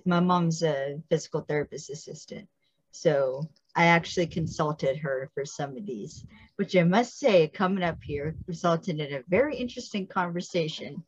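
A woman's voice: low-pitched, moderate pace, slightly rough, dry recording, highs cut off. A woman hosting a podcast, recapping a TV episode in casual chat and stopping to explain details with asides. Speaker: podcast host.

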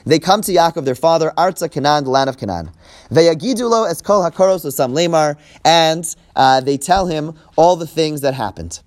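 Middle-aged guy teaching a class, kinda high voice, reads hebrew lines then explains, repeats himself a lot. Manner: explanatory, repeats words, translates Hebrew text line by line. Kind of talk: classroom Torah lesson.

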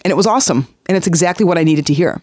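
This life coach hosts a motivational podcast, and his voice sits high and moves rapid-fire through a dry, studio-quality recording. Earnest in tone, he keeps repeating key phrases for emphasis while animatedly performing the voices in his stories.

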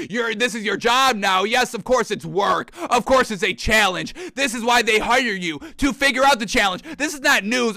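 A man rants through a sports talk segment in a high, bright voice. He sounds exasperated and keeps calling his listeners folks. His voice is smooth and clear on a dry, close mic. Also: moderate pace, hardly any pauses, no echo. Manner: exasperated, ranting, mocking voices in quotes. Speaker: sports talk show host. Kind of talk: opinionated sports rant.

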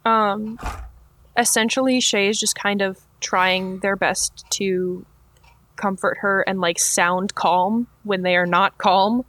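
A woman's voice: mid-range voice, steady tone, takes it slowly, fairly bright tone, no room sound. A woman playing a tabletop game, speaking casually and hesitantly with many fillers. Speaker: player.

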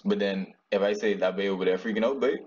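A man's voice: lowish voice, fast talker, darkish tone. A young man co-hosting a podcast, joking around in casual slangy chat with friends. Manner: laid-back slangy banter, laughs often. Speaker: podcast co-host. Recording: dull lo-fi sound with faint noise.

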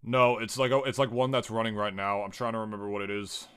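A man's voice: lowish voice, steady tone, fast talker, fairly bright tone, smooth. A man co-hosting a casual podcast chat, talking in a rambling, jokey way and swearing freely. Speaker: podcast co-host.

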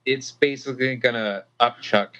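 A man running a tabletop game as game master, slow and hesitant, with many fillers. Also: medium pitch, sharp tone, dull audio. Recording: music playing behind.

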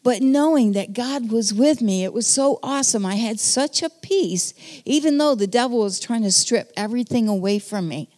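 A woman giving an earnest testimony sermon, telling her story with pauses and then calling the congregation to stand. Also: on the high side, lively intonation, mellow. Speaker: preacher.

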